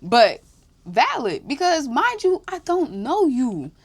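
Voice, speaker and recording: A young woman hosting a podcast, telling a story in casual chat, animated, swearing freely and breaking into laughs. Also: sits high, slow pace. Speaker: podcast host.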